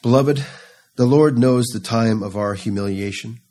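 A man preaching a sermon, reading scripture slowly and rising into fervent, pleading passages. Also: mid-range voice, darkish tone. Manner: slow, rising to fervent pleading in quoted psalms.

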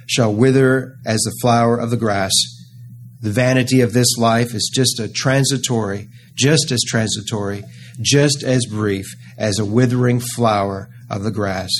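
A man preaching a sermon, earnest and emphatic, slowing down to stress key phrases. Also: medium pitch, slight background noise.

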